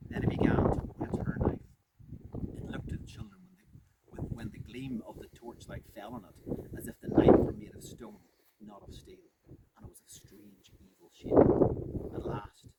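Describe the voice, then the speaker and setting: A man with a gravelly voice giving a dramatic live storybook reading outdoors in the countryside. His pitch swings widely, and he is heard from a distance over loud outdoor noise. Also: big pitch swings, normal speed. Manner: dramatic, with joking asides to listeners. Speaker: storyteller and tour guide.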